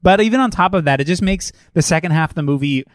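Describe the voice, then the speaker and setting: A man's voice: on the high side, fast talker, no room sound. Dry-sounding man ranting about movies. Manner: emphatic, profane, laughs often. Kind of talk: casual film discussion.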